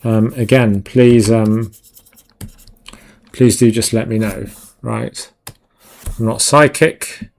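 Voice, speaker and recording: Slow and gravelly, this fairly low male voice keeps a steady, darkish tone and leaves long pauses. He's a concept artist chatting loosely on a live stream as he draws, rambling, putting himself down, and often trailing off mid-thought.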